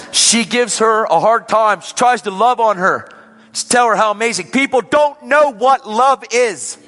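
Animated man preaching in a hall. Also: very high voice. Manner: animated, swings from loud preaching to hushed. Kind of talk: storytelling sermon.

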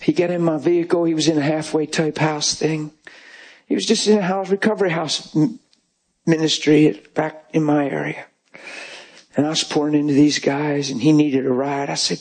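A man preaching, telling a folksy story in a sermon with rising, emphatic shouts. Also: on the high side, a little fast, gravelly, husky.

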